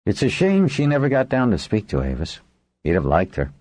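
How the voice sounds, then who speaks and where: A weary older man who leads dragonriders, as an audiobook narrator puts him on, speaking very low with a dry, facetious wit. His voice moves animatedly in pitch. The sound is close and dry. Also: huge pitch swings, a little fast, a little mellow, dry recording.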